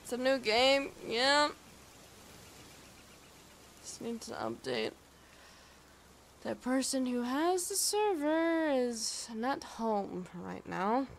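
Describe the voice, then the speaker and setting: A woman's voice: sits high, big pitch swings, takes it slowly, pauses often, a little hiss or hum. A woman streaming a game live, chatting casually, swearing freely and talking back to the game and her chat.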